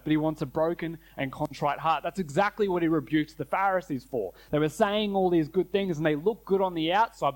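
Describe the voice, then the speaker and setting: Earnest male preacher, higher voice. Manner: earnest preaching, slowing and dropping low for emphasis. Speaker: pastor. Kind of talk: sermon.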